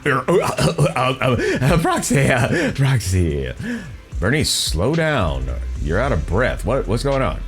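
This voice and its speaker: Man, low voice, animated pitch, playful game playthrough commentary, faint music behind. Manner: playful, repeats phrases and laughs. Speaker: gameplay streamer.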